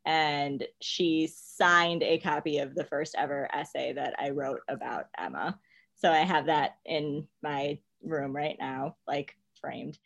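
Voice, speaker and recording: A woman with a fairly low voice tells of meeting an actor, animated and giggly. Her talk is casual interview chat. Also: takes it slowly. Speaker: fan writer.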